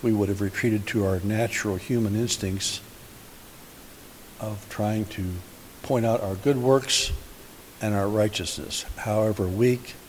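A man's voice: fairly low pitch, vocal fry, darkish tone. Male pastor, conversational questioning sermon, long hall reverb, faint hiss. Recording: hissy recording in a reverberant hall.

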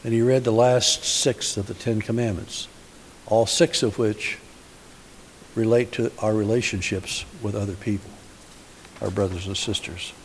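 A man's voice: on the low side, fairly even intonation, measured pace. A man giving a sermon as a pastor, asking the congregation many rhetorical questions in a conversational way. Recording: hissy recording in a reverberant hall.

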